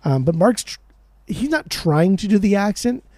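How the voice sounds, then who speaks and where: A fairly high-voiced man with a dark, mellow tone talks excitedly in a casual podcast chat, cursing freely as he gushes about songs. The sound is dry and close, with no room around him. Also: moderate pace, no room sound. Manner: excitable, swears a lot. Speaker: podcast co-host.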